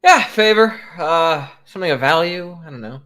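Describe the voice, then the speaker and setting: A man's voice: fairly high pitch, expressive, a bit bright, clear, resonant tone. A man playing a tabletop role-playing game, speaking in character with many fillers and restarts. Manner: halting, full of fillers and restarts. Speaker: player.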